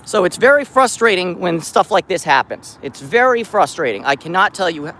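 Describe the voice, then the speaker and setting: A man vlogging outdoors on a city street about the cats he looks after, chatting casually to the camera and greeting the cats in a high sing-song voice. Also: sing-song, a little fast, sharp tone, a little hiss or hum. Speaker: vlogger caring for a street cat colony. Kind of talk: casual vlog talk to camera.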